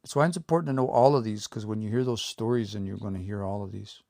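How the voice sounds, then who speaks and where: Low, gravelly man teaching casually. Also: no room sound, studio quality. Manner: explains step by step, repeats words slowly for practice; relaxed, informal, says y'all and eh. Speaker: language teacher. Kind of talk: casual live-streamed lesson.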